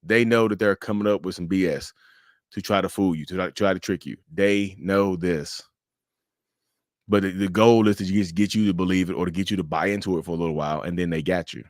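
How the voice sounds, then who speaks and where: Low-voiced joking man on a livestream. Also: a little fast, no echo, clean studio sound. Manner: animated, joking, repeats himself, stumbles and restarts; addresses viewers as y'all, answers chat questions. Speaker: livestream host. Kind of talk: casual livestream commentary.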